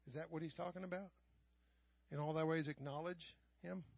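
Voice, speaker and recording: High-voiced preacher, dull lo-fi sound. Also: male voice, fairly even intonation, a little fast, creaky, husky, no room sound. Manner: swings from quiet asides to loud raised passages. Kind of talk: sermon. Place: church sanctuary. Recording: dull, lo-fi church live stream.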